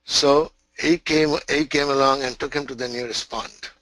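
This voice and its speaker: A man's voice: mid-range voice, steady tone, normal speed, a bit bright, no room sound, poor audio. A man teaching a spiritual webinar, telling a parable in an emphatic, repetitive way with frequent restarts.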